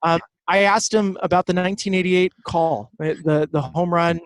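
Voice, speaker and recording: A man's voice: high-pitched, fairly even intonation, normal speed, no echo, rough recording. A man from Southern California in his thirties, a baseball broadcaster, telling stories easily as a guest in a casual interview. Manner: easygoing storyteller.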